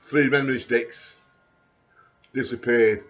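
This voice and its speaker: A man, talking in a rambling video diary, halting and repetitive with many restarts, sounding anxious and panicky. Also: mid-range voice, steady tone, fairly bright tone, muffled recording.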